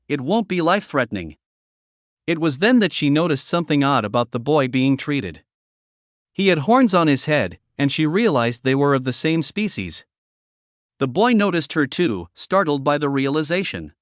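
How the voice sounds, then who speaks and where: A man's voice: a little high, dry recording, clean studio sound. A man narrating a dramatic story recap in a scripted storytelling style.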